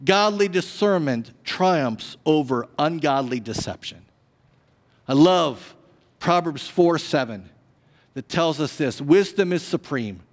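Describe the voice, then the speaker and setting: High-voiced male pastor in a reverberant hall. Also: expressive, slow pace. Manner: dramatic, swings from booming to hushed; humorous asides to the congregation. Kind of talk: sermon.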